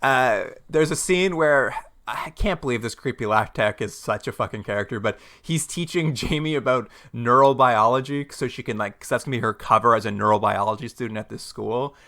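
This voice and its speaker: A man co-hosting a podcast, recapping a TV episode in casual chat, animated and quick to laugh. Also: medium pitch. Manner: animated, laughs often, jumps into mock quotes. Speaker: podcast co-host.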